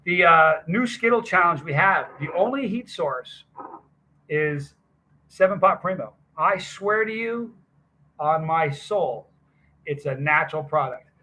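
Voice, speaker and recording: A man chats loosely on a live stream and greets viewers one after another. His voice sits a little high and sounds bright and forward. He rambles from story to story. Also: expressive, unhurried, low-quality recording. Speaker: hot sauce live streamer. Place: hot sauce festival booth.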